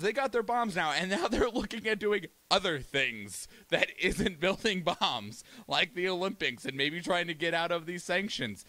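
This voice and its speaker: His voice sits a little high with a sharp edge, captured without echo. He's a young American podcast host delivering casual, profane solo commentary, wandering off topic and impersonating countries in mock voices.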